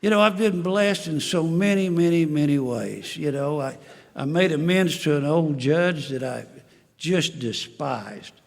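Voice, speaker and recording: A man's voice: fairly high pitch, measured pace, vocal fry, in a large hall. A man, telling his life story to a recovery meeting in a folksy, dry-humored way and chuckling at his own jokes. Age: 70s. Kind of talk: personal testimony to an audience.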